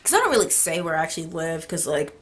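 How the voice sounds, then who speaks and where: A teenage girl talks straight to her viewers in a casual storytime vlog. Her pitch jumps all over as she acts out both sides of a text chat, and she laughs through her own story. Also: very animated, fast. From United States. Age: teens. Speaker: vlogger.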